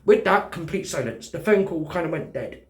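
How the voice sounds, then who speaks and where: This British-accented man recounts a personal story in casual talk, animatedly performing the dialogue and cursing freely. His voice is on the high side, his speed normal, and the recording sounds roomy.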